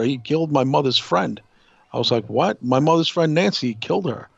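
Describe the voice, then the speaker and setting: A man from New York co-hosting a podcast, telling a long story in a rambling, animated way with many restarts. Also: on the high side, moderate pace, creaky, breathy edge, dry recording, muffled recording. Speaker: podcast co-host. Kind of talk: casual storytelling chat.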